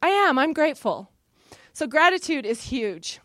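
A woman, middle-aged, sharing a personal testimony with an audience in a lively, self-mocking way, jumping into the voices of the people in her story. Her voice sits fairly high and is recorded dry and close, with no room echo. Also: normal speed. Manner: lively, self-deprecating storytelling with animated quoted asides. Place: in front of a live audience.

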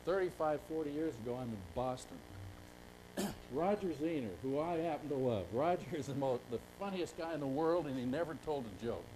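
A man's voice: fairly high pitch, lively intonation, brisk, dark tone, a little hiss or hum, poor audio. An older man speaking at a conference, telling rambling folksy stories to a live audience. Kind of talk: storytelling talk to a live audience.

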